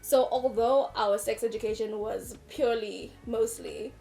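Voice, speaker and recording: A woman's voice: fairly high pitch, a little slow, gravelly, warm tone. A young adult woman co-hosting a casual chat, explaining things with playful, dry asides. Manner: playful, dry asides, coins jokey terms. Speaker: co-host.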